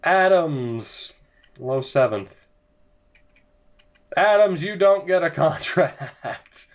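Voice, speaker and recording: Sarcastic, fed-up young gaming commentator. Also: male voice, fairly high pitch, animated, drawn-out words. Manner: exasperated, sarcastic, rambling. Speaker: gaming video creator. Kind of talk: let's-play commentary.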